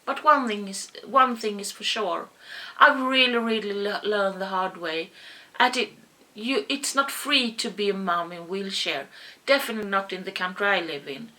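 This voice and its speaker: Bright-voiced woman telling a personal story. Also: mid-range voice. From Sweden. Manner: halting, repeats words, rises to yelling when quoting herself. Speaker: vlogger.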